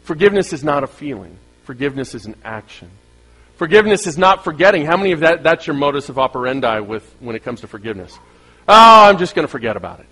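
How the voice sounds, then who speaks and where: A man preaching to his congregation, his voice sitting a little higher than most men's. He keeps asking the room rhetorical questions and slips into the voices of imagined listeners, with animated rises and drops in emphasis. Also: fast, slightly rough, poor audio. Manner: acts out quoted voices of listeners. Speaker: pastor. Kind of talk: sermon.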